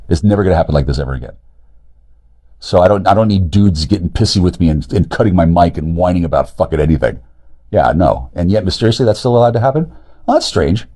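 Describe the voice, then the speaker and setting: A man in a rambling, profane monologue, agitated and jumping between loud outbursts and low mutters. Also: slightly rough. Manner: profane, agitated, rapid loud and quiet swings. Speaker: streamer talking to camera.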